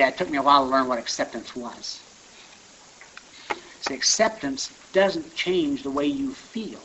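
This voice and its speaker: Lo-fi recovery talk from a bright-voiced man. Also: medium pitch. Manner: conversational, rambling with restarts and asides. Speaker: recovery meeting speaker. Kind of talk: personal testimony talk. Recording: dull lo-fi recording with faint hiss.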